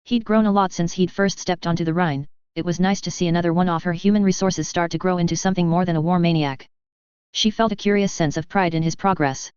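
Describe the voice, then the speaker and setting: A narrator reading a fan fiction story aloud in a steady, even storytelling voice. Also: medium pitch, fast talker, clean tone, no room sound. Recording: dry, slightly dull lo-fi recording.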